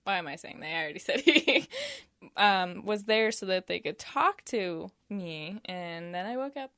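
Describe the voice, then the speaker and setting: A woman's voice: fairly low pitch, lively intonation, moderate pace, a bit bright, clean tone, no echo, studio quality. A woman co-hosting a casual podcast, rambling through stories and laughing as she talks. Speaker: podcast co-host. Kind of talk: casual chat.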